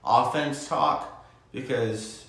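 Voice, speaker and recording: A man's voice: mid-range voice, very slow, vocal fry, fairly bright tone. A man co-hosting a podcast, chatting casually and laid-back, with frequent ums and easy laughs. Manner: laid-back, says um often, laughs easily. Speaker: podcast co-host. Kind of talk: casual wrestling review chat. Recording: very echoey room.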